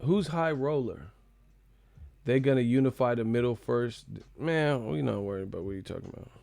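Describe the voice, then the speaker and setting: Man, live-stream host, gravelly, mid pitch, dry close sound, profane joking chat. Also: moderate pace, a little mellow, no room sound. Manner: profane, joking, mocking chat in silly high voices. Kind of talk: casual live-stream chat reading comments.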